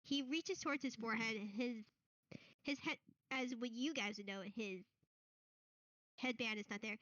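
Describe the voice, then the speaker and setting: A woman narrating as game master of a tabletop game, with halting, hesitant phrasing. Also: fairly high pitch, a bit bright, no room sound. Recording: dull lo-fi mic.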